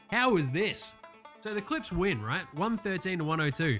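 A man, recapping basketball games in a loose, profane, excitable way, often putting on mocking voices. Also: on the high side, moderate pace, soft background music. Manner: excitable, swears constantly, does mocking voices. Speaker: sports podcast host.

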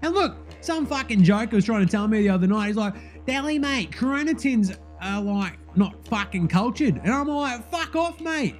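Man doing a crude Aussie bogan basketballer, Australian accent, high rowdy voice, swearing nonstop, faint music underneath. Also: lively intonation. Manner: swearing, loud, rowdy, drawn-out vowels.

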